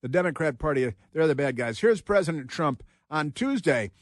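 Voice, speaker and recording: A man's voice: fairly high pitch, lively intonation, moderate pace, dry recording, studio quality. A man hosting a political talk radio show, emphatic and rambling, laughing often. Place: radio studio. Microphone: studio microphone.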